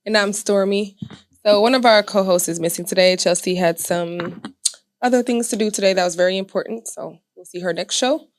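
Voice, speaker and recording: A woman's voice: mid-range voice, brisk. A woman co-hosting a podcast in casual chat, playful and emphatic, laughing often. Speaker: podcast co-host.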